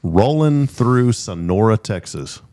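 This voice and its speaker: A middle-aged man hosting a talk show, telling rambling stories in a casual, animated way. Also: lowish voice, slow pace. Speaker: host. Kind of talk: casual storytelling.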